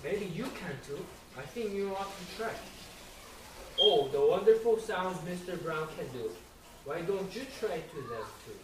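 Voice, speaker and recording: A high school student reading a picture book aloud to young children, slow and careful, with sound effects. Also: animated. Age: teens. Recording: echoey, distant, noisy.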